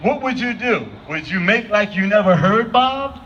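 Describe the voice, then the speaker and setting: Speaking from a distance at a moderate pace, this man has a high, fairly bright voice with lively intonation. At an outdoor vigil he delivers an unplanned speech, asking the crowd one question after another. The audio is muffled lo-fi with slight background noise.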